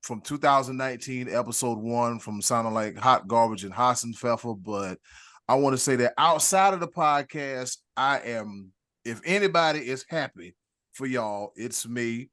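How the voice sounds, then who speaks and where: A man hosting a casual sports podcast, rambling warmly and hyping up his co-hosts with big introductions. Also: mid-range voice, normal speed. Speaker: podcast host.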